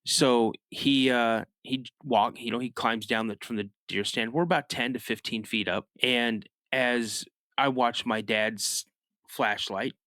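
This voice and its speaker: A man who is a guest on a podcast, telling a personal story in a casual, animated way. He often restarts his sentences and adds "you know" asides. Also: mid-range voice, a little slow, no echo, studio quality. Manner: animated storyteller, rises sharply when acting out his younger self shouting.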